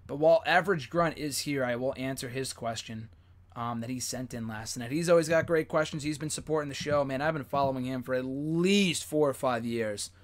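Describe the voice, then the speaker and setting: Young male host, casual live-stream chatter, rambling with lots of fillers, swears when excited. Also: mid-range voice, fairly quick.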